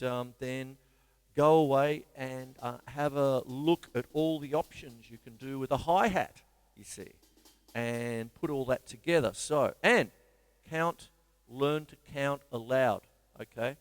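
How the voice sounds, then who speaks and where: A man's voice: medium pitch, measured pace, clear, resonant tone, dry recording, in a large hall. A man with an Australian accent hosting a casual live-stream drum lesson, chatty and rambling with self-mocking asides. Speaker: drum teacher and show host.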